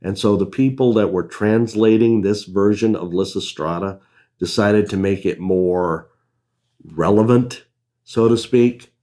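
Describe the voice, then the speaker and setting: Man, low voice, slow delivery, talking through writing tips with relaxed asides. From New England, USA. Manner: unhurried storytelling with asides. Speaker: writing advice presenter. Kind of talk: casual talk on writing craft.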